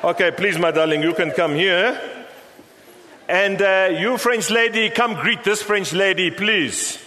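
A man's voice: sits high, unhurried, bright, forceful tone. A man preaching a playful sermon in a church, teasing and coaxing members of the congregation to join in. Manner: teasing, jokey, coaxes people from the crowd. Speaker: pastor. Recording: long hall reverb, faint room noise.

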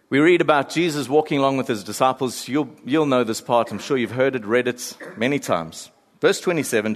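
Animated preacher in a reverberant hall. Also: male voice, medium pitch. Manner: animated storyteller, acts out quoted voices with laughs. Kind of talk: sermon.

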